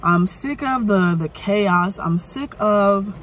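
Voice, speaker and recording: A burnt-out woman venting in a frustrated, halting rant from inside her parked car, starting over again and again. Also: medium pitch, a bit bright, a little hiss or hum. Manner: frustrated, halting, many restarts. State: burnt out and weary. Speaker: vlogger. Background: faint rain and vehicle ambience.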